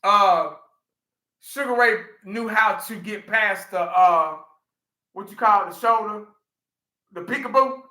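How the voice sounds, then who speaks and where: A man in his forties chatting casually on a livestream, an animated storyteller who laughs often and talks to his chat. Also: sits high, slow, long pauses, reverberant, low-quality recording. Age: 40s. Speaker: livestream host.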